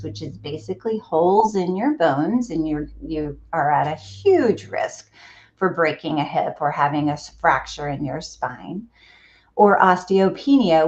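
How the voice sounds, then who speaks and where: A woman's voice: on the low side, a little mellow. A middle-aged woman physician, speaking in an interview and explaining in an emphatic, earnest way. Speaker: physician guest. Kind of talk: conversational interview. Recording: dull lo-fi audio.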